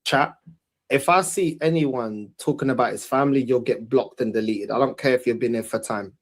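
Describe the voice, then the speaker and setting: A man's voice: mid-range voice, moderate pace. A man speaks bluntly to his live chat. His talk is slangy and firm, and he keeps stressing the same points. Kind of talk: casual live-stream chat.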